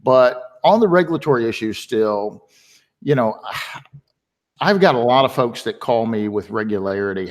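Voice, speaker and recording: A man hosting a webinar in casual conversation, chatty and telling stories with lively quoted voices. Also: medium pitch, moderate pace. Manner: chatty, tells anecdotes with animated quoted voices. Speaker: webinar host.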